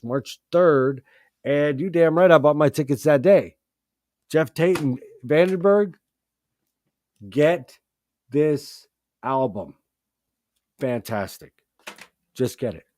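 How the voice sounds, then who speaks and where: A man hosting a live stream, talking excitedly about his favourite rock albums, swearing freely and often restarting his sentences. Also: medium pitch. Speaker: host. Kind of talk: live-stream music chat.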